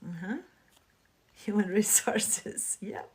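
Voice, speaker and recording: A woman hosting a casual spiritual livestream, gushing and chatting warmly with her viewers. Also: mid-range voice, steady tone, takes it slowly. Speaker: livestream host.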